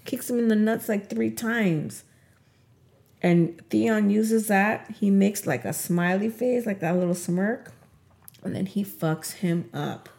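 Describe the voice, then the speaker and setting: A woman talks through a story in a relaxed, unhurried way, drawing her words out. She acts out each character's lines as she goes. Her pitch sits in an ordinary middle range. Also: vocal fry. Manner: animated retelling, acts out quotes. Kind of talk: casual podcast recap.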